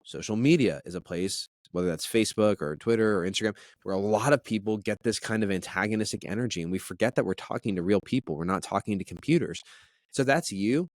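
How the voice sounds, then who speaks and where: Low-voiced man telling earnest stories. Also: fast, no echo, studio quality. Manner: earnest, animated, frequent restarts. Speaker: podcast guest. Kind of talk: conversational storytelling.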